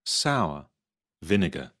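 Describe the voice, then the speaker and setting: A man reading example sentences for a vocabulary textbook, clearly and expressively. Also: low voice, big pitch swings, takes it slowly, a bit bright. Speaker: textbook audio reader.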